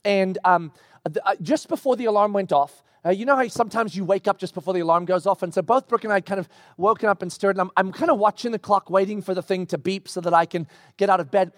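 A middle-aged male pastor preaching, telling a personal story with lively, acted-out bits. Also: sits high, fast talker, no room sound, studio quality. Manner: animated storytelling with acted-out quotes. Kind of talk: sermon. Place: church.

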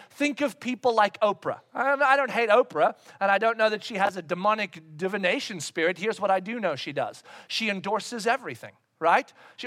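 Animated high-voiced preacher, bright tone. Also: male voice. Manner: animated, acts out voices with sudden shouts. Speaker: pastor. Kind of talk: sermon.

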